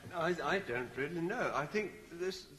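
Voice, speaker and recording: An older man, a guest actor on a TV chat show, speaking in a courtly, gently humorous way. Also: on the high side, expressive, normal speed, heavy background noise. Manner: courtly, gently humorous, says "dear boy".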